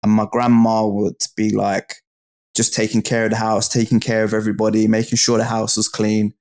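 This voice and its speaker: A man's voice: fairly low pitch, completely flat delivery, a little fast, a little mellow. A man with a British accent, a guest in an interview, telling stories in a casual, slang-heavy way and often asking "do you know what I mean". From United Kingdom.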